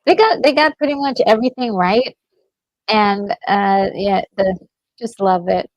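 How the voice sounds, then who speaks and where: Soft-spoken woman co-watching a film. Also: medium pitch, unhurried, dry recording, poor audio. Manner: soft-spoken, agreeable, many mm-hmms. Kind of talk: casual commentary while watching a film.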